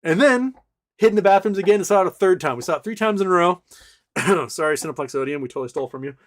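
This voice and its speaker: A man's voice: high voice, lively intonation, quick pace. A man in his forties hosting a casual livestream, telling stories in a rambling way with many fillers. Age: 40s. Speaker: livestream host.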